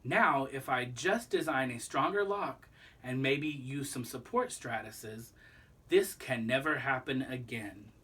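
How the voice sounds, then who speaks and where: A man voicing a boastful daredevil female fish in a children's story, with a raised, loud voice. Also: a little slow, breathy edge, far from the mic. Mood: thoughtful. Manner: brash, high and loud.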